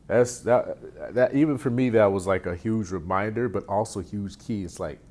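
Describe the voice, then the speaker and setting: A man with a warm, somewhat low voice coaches real estate agents in an easygoing, unscripted style of casual teaching talk. He often circles back on his phrases and restarts.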